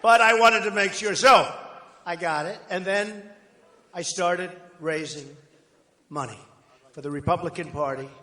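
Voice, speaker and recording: An older man giving a rambling, boastful campaign rally speech, conversational with sudden loud bursts. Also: sits high, a little slow, long pauses. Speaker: political candidate at a rally. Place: large outdoor rally crowd. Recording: echoey rally PA with crowd ambience.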